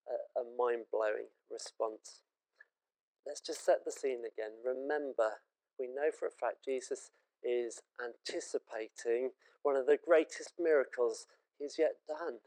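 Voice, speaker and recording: A man's voice: mid-range voice, unhurried, a little mellow, poor audio. A British man preaching a sermon in an earnest, conversational and emotive way.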